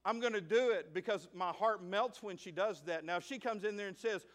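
A middle-aged male pastor preaching a sermon in an animated way, moving from hushed asides to loud, emphatic lines. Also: high-pitched, brisk, few pauses. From United States. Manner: acts out a child's voice in stories.

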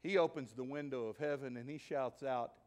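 Male pastor, mid-pitched, animated sermon storyteller who bursts into shouts for emphasis. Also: fairly quick. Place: church sanctuary.

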